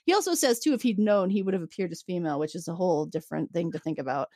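A woman in casual chat, retelling an episode with lively storytelling and laughing often. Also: mid-range voice, fast, no room sound, clean studio sound. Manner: animated storytelling, acting out characters' lines. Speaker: podcast co-host.

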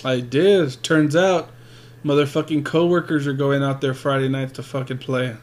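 A man in loose, crude conversation, spinning everyday stories with a steady mid-range voice. He swears nearly every sentence and trips over his own restarts as he goes. His tone stays plain and unpolished. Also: medium pitch, normal speed. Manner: profane, rambling, restarts a lot. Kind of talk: crude casual storytelling chat.

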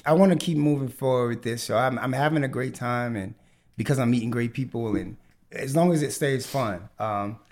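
A man's voice: medium pitch, normal speed, darkish tone. A man hosting a casual podcast chat, talking with many fillers and restarts. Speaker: podcast host.

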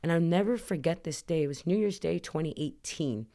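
A woman's voice: on the low side, brisk, warm tone. Rambling woman telling her story. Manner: rambling, filled with "like" fillers; earnest, emotional retelling. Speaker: podcast guest. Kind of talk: personal storytelling in a podcast interview.

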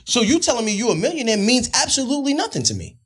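A man's voice: very high-pitched, wildly swooping pitch, fast talker, a bit bright. A man telling a story in a casual podcast conversation, insistent and full of repeats. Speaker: podcast guest.

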